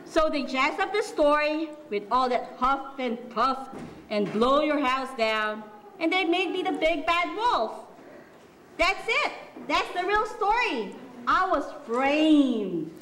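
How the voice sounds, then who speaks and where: A woman's voice: high-pitched, big pitch swings, slow, a bit bright, slight background noise, exaggerated voice, poor audio. A woman reading aloud as an aggrieved male wolf who insists he is innocent, in an indignant, self-justifying way. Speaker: library storyteller. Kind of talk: reading a picture book aloud.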